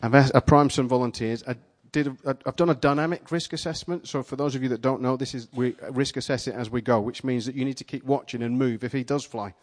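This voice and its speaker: A man preaching a sermon, retelling a vision in the first person, dramatic at first and then playful and energetic with volunteers in front of a live congregation. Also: mid-range voice, fast talker, few pauses. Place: church gathering with a live audience.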